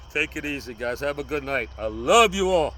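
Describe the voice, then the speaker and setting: A man's voice: mid-range voice, animated, unhurried, sharp tone, slight background noise, rough recording. A man in his sixties from New York, vlogging outdoors about cane self-defense in an earnest, repetitive, pleading way. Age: 60s. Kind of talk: casual outdoor vlog.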